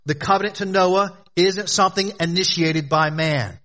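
Delivering a sermon as pastor, this man speaks in a high voice with a sharp tone at a moderate pace. He leans on emphatic, repeated phrases and occasionally turns to speak straight to the kids in the congregation.

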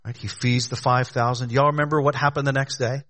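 A man preaching a sermon in a conversational way, talking to the congregation as "y'all", rising to loud emphatic lines and dropping to hushed ones. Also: little pitch movement, a little fast. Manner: swings between loud emphatic rises and hushed low drops. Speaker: pastor.

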